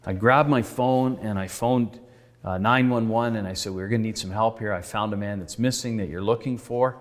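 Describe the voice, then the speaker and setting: A man's voice: on the low side, brisk. A male pastor tells a story in his sermon, earnest and conversational, acting out the dialogue. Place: church sanctuary. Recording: reverberant church hall.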